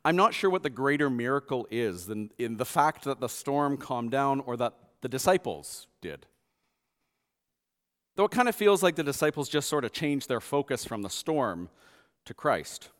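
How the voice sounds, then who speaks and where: A man preaching a sermon, acting out the quotes and swinging from soft to loud. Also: mid-range voice, unhurried, long reverb tail. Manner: expressive, acts out quotes softly and loudly. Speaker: pastor.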